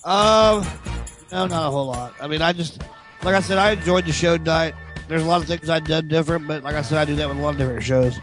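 A man's voice: on the high side, fast talker, over music. A man calling in to a talk show, talking in a hesitant way full of ums and you knows. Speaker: caller. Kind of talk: casual call-in opinion.

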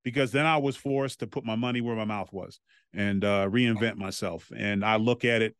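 A man, a former wrestler, telling stories as a podcast guest in a loose, animated way and swearing freely. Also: lowish voice, moderate pace, clean tone, no echo, clean studio sound. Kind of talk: casual anecdotal storytelling.

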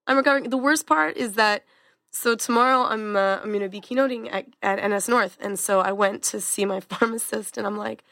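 A woman's voice: mid-range voice, normal speed, gravelly, fairly bright tone, no echo. A woman psychotherapist co-hosting a podcast in casual chat, recovering from a cough, with dry humor.

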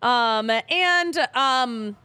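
Chatty, bright-voiced woman hosting a sports podcast. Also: a little high, expressive, drawn-out words, clear, resonant tone, no room sound. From Philadelphia. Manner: chatty, joking, swears casually. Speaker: podcast host. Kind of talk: casual sports podcast chat. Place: podcast studio.

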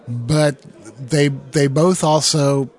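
A man's voice: medium pitch, extremely slow, soft background music. Easygoing male podcast co-host. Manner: relaxed, easygoing, matter-of-fact. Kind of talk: casual chat.

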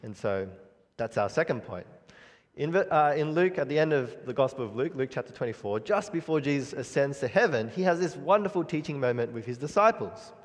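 A man preaching a sermon in an earnest, measured way, pausing and restarting often. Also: medium pitch, expressive. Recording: long reverb of a hall.

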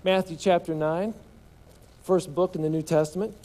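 A man's voice: sits high, fairly even intonation, normal speed, dark tone. A male pastor preaching a sermon, drawing the congregation into call-and-response and often restarting his words.

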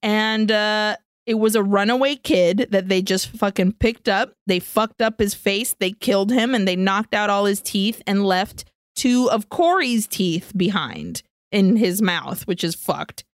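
A woman's voice: mid-range voice, a little slow, dry recording, studio quality. A woman co-hosting a podcast, animatedly retelling a film plot in casual chat and swearing freely. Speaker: podcast co-host.

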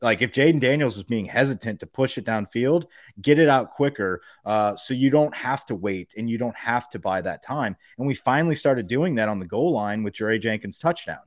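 A man co-hosting a podcast, talking football in a casual, animated way, often profane and acting out coaches yelling. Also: mid-range voice, fairly quick, hardly any pauses, dry recording, clean studio sound. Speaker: podcast co-host. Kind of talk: casual sports chat.

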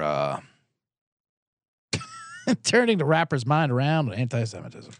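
A man's voice: medium pitch, wildly swooping pitch, unhurried, long pauses, dry recording, studio quality. A man hosting a podcast, ranting sarcastically and telling profane stories with acted-out quotes. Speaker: podcast host. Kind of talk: comedic rant.

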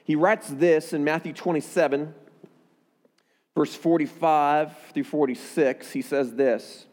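A man preaching a sermon, often repeating words and rising in pitch and volume as he presses a point. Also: steady tone, slow, a little mellow, big-room sound. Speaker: pastor.

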